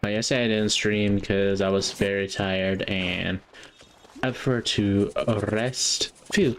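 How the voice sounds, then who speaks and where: Low-voiced man streaming a game. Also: fairly even intonation, slow, slight background noise. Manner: chatty, reads every character's lines in his own voice, laughs often. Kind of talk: reading game dialogue aloud and chatting while playing.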